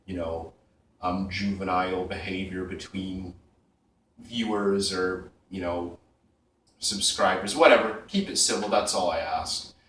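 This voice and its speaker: A man's voice: low voice, fairly bright tone, recorded from a distance, a little hiss or hum. Rambling, sarcastic man in an echoey room. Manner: rambling, frequent ums, sarcastic and exasperated. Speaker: fragrance vlogger. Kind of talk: casual opinion vlog.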